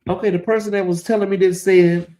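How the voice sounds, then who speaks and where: A man's voice: sits high, steady tone, quick pace, dark tone. A man hosting a casual livestream, chatting animatedly and reading out viewer comments with exclamations and asides. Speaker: livestream show host.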